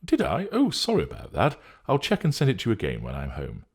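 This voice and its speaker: A man's voice: on the low side, wildly swooping pitch, quick pace, vocal fry, husky, voice pushed up, heavily acted. A man reading a story, voicing a younger woman who brushes off worry on the phone. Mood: breezy.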